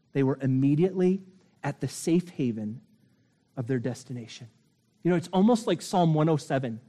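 A male pastor preaching a sermon, swinging between excited bursts and hushed, intense emphasis. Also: mid-range voice.

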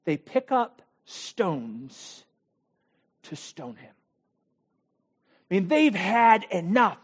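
Guy preaching, dramatic storyteller, asks the crowd questions, gets loud then drops real low. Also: big pitch swings, drawn-out words, pauses often, slightly rough. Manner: dramatic storytelling, acting out quotes, rhetorical questions; swings between loud bursts and low quiet asides. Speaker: pastor. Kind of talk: sermon.

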